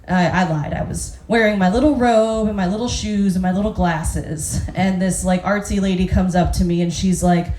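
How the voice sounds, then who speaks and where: A woman's voice: on the low side, normal speed, dark tone. Brash self-mocking woman comic. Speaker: stand-up comedian. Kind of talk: stand-up comedy set. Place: comedy club stage with live audience. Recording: echoey club with audience noise.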